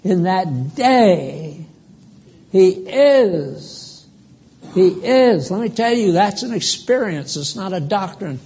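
Older male preacher, high voice, unhurried, emphatic, rambling. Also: lively intonation, a little mellow. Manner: emphatic, rambling, quizzes the congregation. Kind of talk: live sermon.

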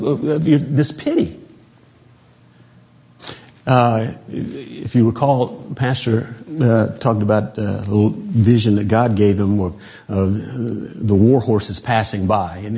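Male lay preacher, relaxed sermon style, mellow husky voice, acts out quotes. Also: fairly low pitch. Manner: conversational, acts out quoted voices, chuckles often. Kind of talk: informal sermon.

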